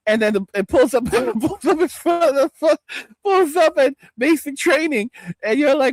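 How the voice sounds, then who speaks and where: A man's voice: very high voice, a little fast, no room sound. A man hosting a livestream, ranting with lots of profanity and stammered restarts, talking straight to his viewers and reading out chat comments. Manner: profane, rambling, stammers, addresses viewers directly. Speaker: host.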